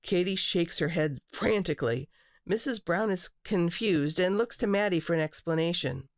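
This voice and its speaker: A woman with a lowish voice reads a picture book aloud for a classroom, clear and expressive. The recording is dry and close, with no room sound. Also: moderate pace, no room sound. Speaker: children's book author.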